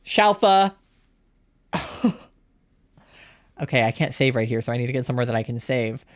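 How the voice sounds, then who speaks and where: A young adult man chatting through a live game stream, rambling when calm and then panicked and swearing with excitement. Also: mid-range voice, fairly quick, no room sound, studio quality.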